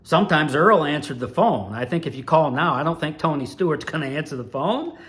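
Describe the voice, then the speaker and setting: A man in his sixties from Ohio, an animated storyteller recalling his years as a race announcer. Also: a little high, a little fast. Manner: animated, lively storyteller with big swings in loudness. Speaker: retired dirt track race announcer, channel host.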